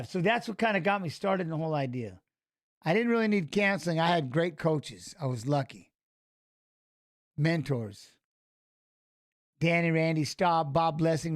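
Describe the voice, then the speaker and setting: A man hosting a fight watch-along, mixing blunt, profane life stories with casual live commentary. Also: fairly high pitch.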